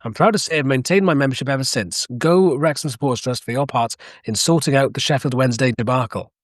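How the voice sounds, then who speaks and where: A man hosting a casual football podcast, brisk and jokey as he moves the show along. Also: medium pitch, dry recording, clean studio sound. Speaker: podcast host. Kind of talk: casual chat.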